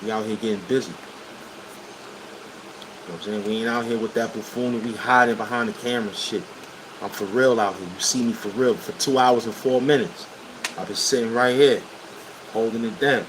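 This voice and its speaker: A man's voice: on the low side, steady tone, fairly quick, pauses often. Blunt New York man livestreaming. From Brooklyn, New York. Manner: blunt, street slang, talks straight to viewers. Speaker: livestream host. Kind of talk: casual livestream storytelling. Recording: air conditioner hum behind voice. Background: air conditioning hum.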